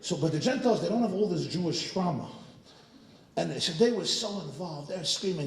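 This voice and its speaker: A rabbi telling a funny story to his congregation, lively and full of asides to the audience. His voice sits fairly high and swoops up and down a lot. The sound is roomy and echoey, as in a synagogue hall. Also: normal speed. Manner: animated, joking, lots of asides to the audience. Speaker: rabbi, guest speaker. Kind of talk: humorous storytelling talk.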